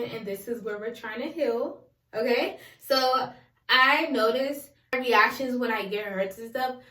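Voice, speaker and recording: A woman's voice: fairly high pitch, a bit bright. A young adult woman talking candidly in a vlog, rambling and repeating herself in casual slang. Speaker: vlogger. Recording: echoey room.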